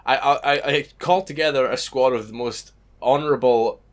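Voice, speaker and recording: A man's voice: medium pitch, normal speed. A man co-hosting a podcast, playfully narrating an improvised comedy scene with laughing asides. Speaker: podcast co-host. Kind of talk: improvised comedy role-play.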